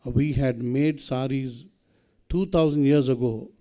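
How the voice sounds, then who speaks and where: A man's voice: medium pitch, unhurried, mellow. Emphatic Indian man giving a speech. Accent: Indian English. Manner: exhorting, emphatic, rhetorical questions. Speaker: guest speaker. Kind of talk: public speech to students.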